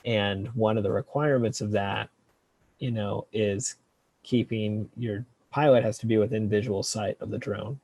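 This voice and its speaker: Researcher guest, male, low mellow voice, talks loosely with lots of ums. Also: moderate pace, breathy edge, dry recording. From California. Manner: relaxed, hesitant, many fillers and restarts. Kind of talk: casual interview answers.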